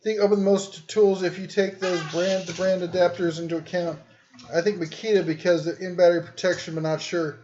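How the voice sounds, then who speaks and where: A fairly high-voiced man hosts a relaxed livestream from his den, rambling and cracking jokes between viewer comments. The home stream audio is dull and lo-fi. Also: fairly quick, a little hiss or hum. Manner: joking, rambling, reads viewer comments aloud. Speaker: livestream host. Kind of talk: casual livestream chat.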